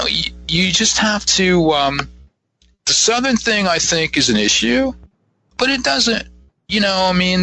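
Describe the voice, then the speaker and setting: A man's voice: on the high side, sharp tone, low-quality recording. A man from Ohio, a psychic guest on a radio talk show, speaking earnestly and encouragingly with frequent restarts. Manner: earnest, encouraging, many restarts and "you know".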